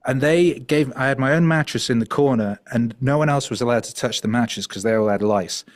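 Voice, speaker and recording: A man's voice: medium pitch, fairly quick. Rambling middle-aged male podcast guest. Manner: animated, rambling, many fillers and restarts. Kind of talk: storytelling conversation.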